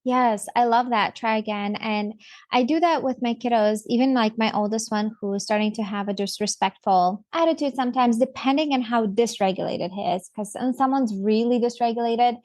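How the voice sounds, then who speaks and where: A woman's voice: on the high side, moderate pace, a little mellow, no echo. A woman in her thirties hosting a parenting podcast, chatting casually and laughing often. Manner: chatty, laughs often, acts out kids' voices. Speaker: podcast host. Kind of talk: casual interview chat.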